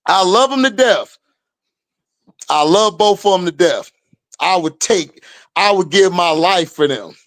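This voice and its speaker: A man's voice: sits high, animated, measured pace, long pauses, a bit bright. A man hosting a livestream, casually commenting and reacting to chat, drawling and laughing often in slangy talk. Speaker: livestream host.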